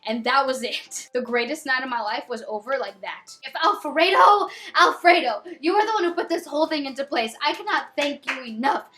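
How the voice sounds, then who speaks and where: A young woman in her twenties telling a storytime vlog with excitable, dramatic, gushing fangirl energy. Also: high voice, brisk, few pauses. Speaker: vlogger.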